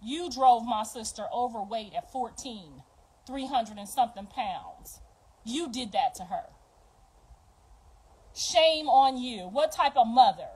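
A high-pitched middle-aged woman hosting a livestream, her talk raw and heavy with profanity. She rants confrontationally at her viewers and at absent family members. Her voice jumps from loud outbursts to low, bitter mutters. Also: animated, slow pace, slightly rough, low-quality recording. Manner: profane, confrontational, swings between loud and hushed. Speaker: livestream host. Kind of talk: emotional livestream rant.

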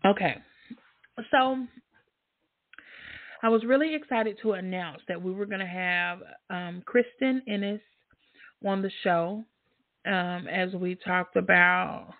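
A woman hosting a casual livestream, reading chat comments aloud and reacting in an animated way, her voice jumping high for emphasis. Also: takes it slowly, long pauses, no echo. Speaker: livestream host. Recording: dry, tinny phone-like sound.

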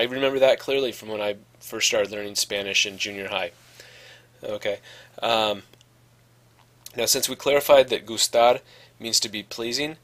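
A man gives a Spanish lesson in a patient, step-by-step way. His voice sits on the low side but has a bright, forward edge, and he keeps stopping to check in with the listener. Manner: patient, explanatory, says "okay" often. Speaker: Spanish teacher. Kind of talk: podcast lesson.

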